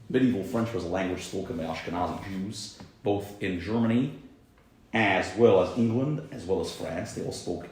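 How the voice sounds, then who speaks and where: A man's voice: low-pitched, a little mellow, very echoey, rough recording. A man teaching a small group around a table, explaining at length with many religious terms. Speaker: class teacher. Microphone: phone recording on the table.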